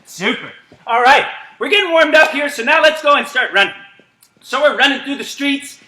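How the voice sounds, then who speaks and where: A man's voice: extremely high pitch, expressive, normal speed, bright, forceful tone. A man coaching an upbeat virtual home workout class, calling out commands and making sound effects, recorded in an empty gym. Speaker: gymnastics coach.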